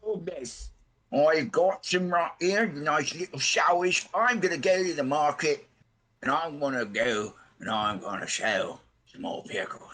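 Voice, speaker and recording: A man's voice: on the high side, lively intonation, pushed and bright, voice pushed up, exaggerated voice. A man voicing a simple, cheerful half-orc pickle seller who rambles in a friendly way. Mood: eager, rambling. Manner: rambling, friendly, slow-witted.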